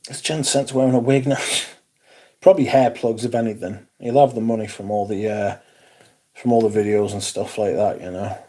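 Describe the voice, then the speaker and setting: A man's voice: on the low side, fairly even intonation, moderate pace, dark tone. A man around forty with a Geordie accent, hosting a casual livestream and reading out chat comments in a blunt, sweary, dryly sarcastic way. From Newcastle, England. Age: 40s. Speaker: livestream host.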